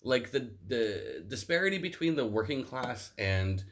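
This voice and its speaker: A man's voice: mid-range voice, sing-song, a little slow, a bit bright. A young man co-hosting a podcast, chatting casually and swearing freely, often breaking into laughter. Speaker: podcast co-host. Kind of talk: casual chat.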